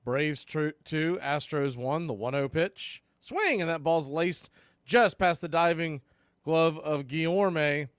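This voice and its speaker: Clear-voiced man calling baseball play-by-play. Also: fairly high pitch, slow pace, no echo, studio quality. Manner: excitable calls, conversational asides. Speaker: play-by-play announcer.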